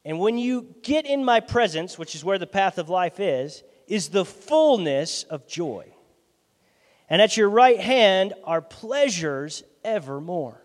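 A male pastor preaching a sermon in a lively, conversational way, his loudness swinging from soft asides to sudden bursts. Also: high-pitched, slow pace. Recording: long hall reverb.

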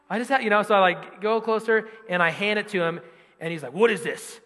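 A young man preaching, telling a personal story with animated energy and rising volume as he drives to his point. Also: high voice, brisk. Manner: animated storytelling, loud when quoting himself. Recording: long hall reverb.

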